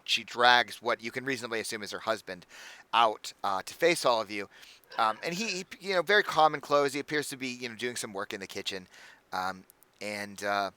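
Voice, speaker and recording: Bright-voiced man running a tabletop game. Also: mid-range voice, clear, resonant tone, no room sound. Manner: casual, rambling with fillers. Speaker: game master.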